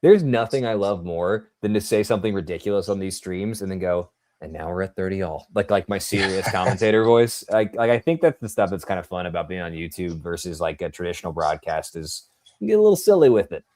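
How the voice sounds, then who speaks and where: A man's voice: sits low, lively intonation, a little fast, a little mellow. A man co-hosting a live tennis watchalong, mixing jokey asides with casual play-by-play. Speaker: watchalong co-host and commentator.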